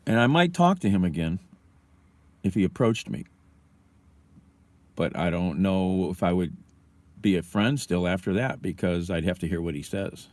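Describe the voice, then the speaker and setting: A man's voice: low voice, expressive, normal speed, pauses often, darkish tone, no room sound. A man hosting a casual livestream from his car, ranting angrily and swearing, then fumbling with his phone. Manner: angry, profane, ranting. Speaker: livestream host.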